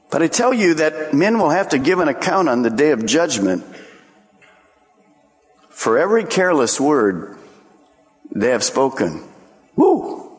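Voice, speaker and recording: A man preaching a sermon, acting out quick exchanges of dialogue as he goes. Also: a little high. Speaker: pastor. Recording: long reverb of a large hall.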